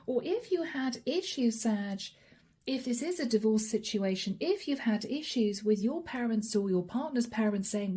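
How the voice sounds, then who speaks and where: A woman giving a channeled tarot reading straight to her viewers, chatty and friendly, slowing down to name each card. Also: fairly high pitch, dark tone. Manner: chatty, addresses viewers directly, slows to name cards. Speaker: tarot reader.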